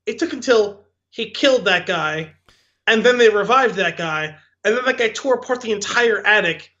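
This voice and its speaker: A man's voice: sits high, bright, forceful tone, lo-fi sound. A man co-hosting a podcast in casual movie chat, acting out his own reactions. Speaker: podcast co-host.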